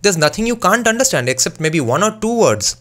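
A man's voice: high-pitched, sing-song, brisk, a bit bright. A young man from Bengal with a Bengali accent, talking in a casual, opinionated commentary style and often asking rhetorical questions. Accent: Bengali-accented English. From Bengal, India. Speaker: music analysis YouTuber.

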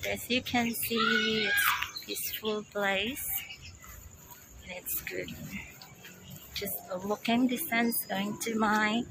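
A woman's voice: fairly high pitch, fairly even intonation, slow pace, pauses often, very noisy. A woman vlogging as she walks around her home, chatting to the camera and cooing at her pets. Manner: coos and baby-talks to pets. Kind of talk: casual vlog narration.

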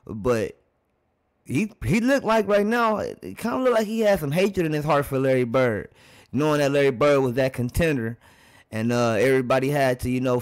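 Man, casual reaction commentary, laughs a lot, speaks to the viewers. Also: medium pitch. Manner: laughs often, talks straight to viewers. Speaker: reaction video host.

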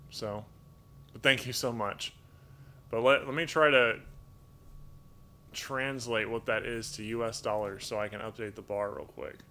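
A man hosting a live stream from home, reading out donations in a rambling, halting way, full of fillers and restarts, grateful and thinking aloud. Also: fairly low pitch, pushed and bright, slight background noise. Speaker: livestream host reading donations. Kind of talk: casual live-stream chat. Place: home with pet toucans.

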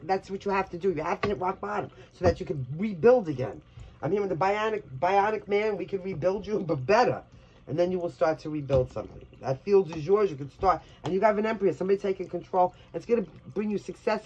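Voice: mid-range voice, breathy edge, highs cut off. A tarot reader from Brooklyn giving a casual reading, blunt and chatty, swearing freely. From New York, Brooklyn.

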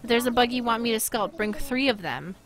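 A woman reading out the lines of an earnest female artist villager obsessed with bugs, soft and unhurried. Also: on the high side, natural voice. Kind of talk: reading game text aloud.

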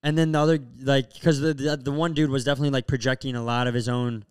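A man's voice: mid-range voice, flat delivery, fast, clean tone. A young man co-hosting a podcast, telling a rambling story in casual chat and acting out the quotes. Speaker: podcast co-host.

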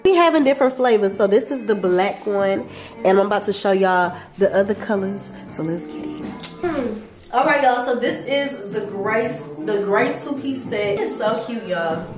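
Feeling sick and achy, a young mom vlogs from her bedroom at home, talking casually to viewers and saying "y'all" at every turn. She speaks animatedly at a normal speed in a mid-range voice, with music playing behind her.

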